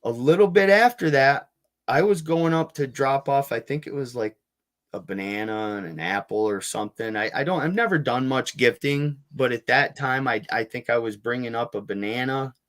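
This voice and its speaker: A man's voice: mid-range voice, lively intonation, moderate pace. Adult man, interview guest, loose rambling storyteller with restarts and fillers, mid-range voice. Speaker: guest, Bigfoot field researcher. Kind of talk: casual storytelling in a podcast interview.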